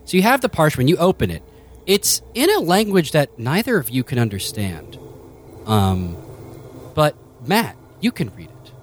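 A man's voice: on the high side, wildly swooping pitch, normal speed, slight background noise. A man narrating as game master of a tabletop game, rambling loosely and laughing often.

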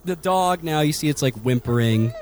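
Laughing game master narrating a tabletop game. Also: male voice, on the high side, animated, moderate pace. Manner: rambling, laughs often, many fillers.

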